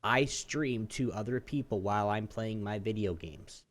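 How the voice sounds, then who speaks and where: A man co-hosting a podcast, ranting in casual chat and acting out phone calls with swearing, jumping from loud outbursts to low mutters. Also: normal speed. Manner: animated storytelling, swears, acts out phone calls. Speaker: podcast co-host.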